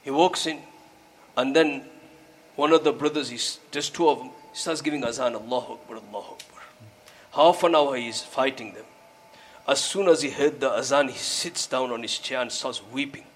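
This male preacher has a mid-range voice and talks at a normal speed, with slight background noise behind him. He tells a story and earnestly urges his audience, sprinkling Urdu and Arabic religious words through his English and getting louder as he exhorts.

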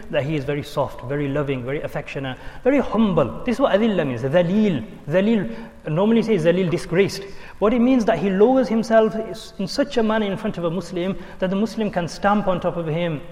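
A man's voice: high-pitched, fast talker, darkish tone, long reverb tail. A man preaching a sermon, telling stories and mixing in Urdu and Arabic quotations. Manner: storytelling, switching between English, Urdu and Arabic quotations. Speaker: Islamic preacher.

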